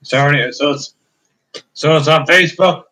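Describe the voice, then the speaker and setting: A man's voice: a little high, normal speed, bright, forceful tone. A man hosting a casual let's-play video, rambling and restarting his sentences. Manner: rambling, hesitant with many restarts. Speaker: gaming video host. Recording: dull lo-fi recording.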